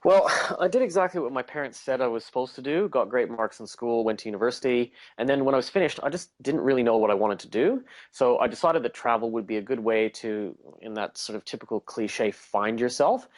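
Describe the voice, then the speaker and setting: A man's voice: medium pitch, lively intonation, a little fast, hardly any pauses. A young man with a Canadian accent picking up a few Australian touches, a tour business owner answering interview questions in an easygoing, upbeat way with frequent "uh" fillers. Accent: Canadian, with slight Australian touches. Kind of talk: remote interview.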